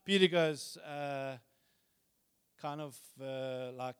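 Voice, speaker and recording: Speaking at normal speed in a voice on the high side, a man preaches, casually retelling scripture in ordinary words and reading passages with rising force. The recording has a long hall reverb.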